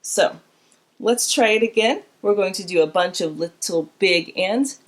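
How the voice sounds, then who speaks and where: A woman's voice: mid-range voice, measured pace. A woman teaching a beginner string class, explaining bowing and counting students in with encouragement. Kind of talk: instrument lesson. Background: instrument playing.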